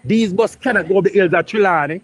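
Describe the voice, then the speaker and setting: A man's voice: high-pitched, fast talker, crowd noise. A man with a Jamaican accent debating politics, insisting on being heard and repeating his points. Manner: insistent, repeats himself to hold the floor. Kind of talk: heated debate.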